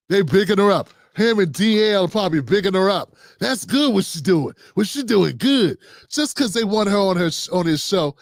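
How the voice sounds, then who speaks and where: A middle-aged man reacting to news clips with animated, exasperated rants and frequent swearing. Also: sits high, no echo, clean studio sound. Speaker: political commentary streamer.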